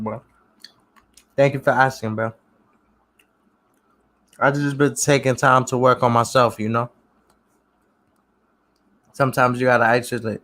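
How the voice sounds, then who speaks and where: A man hosting a casual livestream, answering viewer comments in relaxed street slang and often repeating his phrases. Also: mid-range voice. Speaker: livestream host reading comments.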